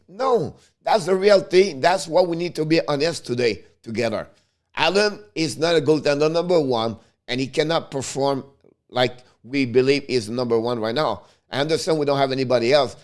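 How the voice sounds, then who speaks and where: Frustrated hockey commentator with tinged English. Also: male voice, a little high. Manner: heated, frustrated, repetitive, broken English phrasing. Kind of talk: ranting fan commentary.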